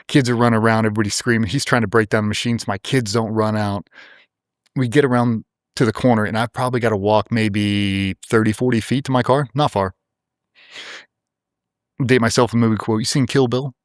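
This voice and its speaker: A man's voice: lowish voice, fairly even intonation, a little fast, dry recording, studio quality. A middle-aged man, a former special operator, telling a vivid, blunt, profane story as a guest in an interview.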